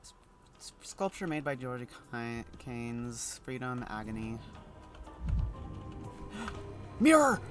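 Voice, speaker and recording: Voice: mid-range voice, unhurried. Streamer, casual game commentary, playful asides, faint music behind.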